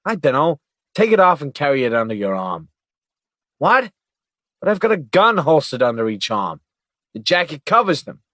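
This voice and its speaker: A man's voice: very animated, normal speed, pauses often, pushed and bright, no echo. A man voicing a whiny hot-headed agent. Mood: whining. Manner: high-strung, indignant and complaining.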